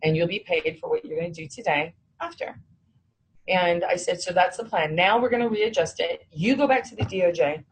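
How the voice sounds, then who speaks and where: A woman with a somewhat low, breathy, husky voice tells a story from her own life. She acts out the conversation as she goes, quoting herself and others, and lets a curse slip when she gets heated. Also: a little fast, low-quality recording. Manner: animated, quotes others in dialogue, swears when heated. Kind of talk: recounting a personal story.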